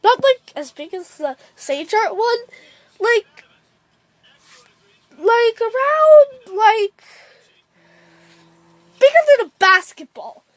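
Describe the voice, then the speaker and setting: A woman's voice: very high-pitched, expressive, slow, pauses often, no echo. A woman casually retelling a fan story in a rambling way, full of "like" and restarts.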